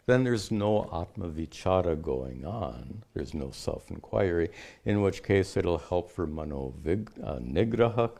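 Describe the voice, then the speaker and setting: A man, a spiritual teacher, answering questions in a measured, explanatory way. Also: deep voice, vocal fry, darkish tone. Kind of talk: unscripted teaching talk.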